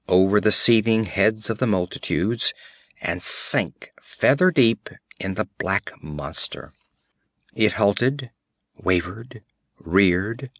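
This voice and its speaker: A man narrating an adventure audiobook in a measured, vivid storytelling manner on a close studio mic. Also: fairly low pitch, fairly bright tone, no room sound.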